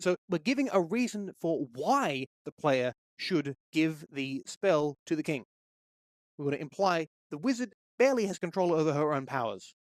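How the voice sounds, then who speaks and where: Man, game development tutorial, steady walkthrough, slightly higher voice, dry close mic. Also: moderate pace, dry recording. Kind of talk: screen-recorded tutorial.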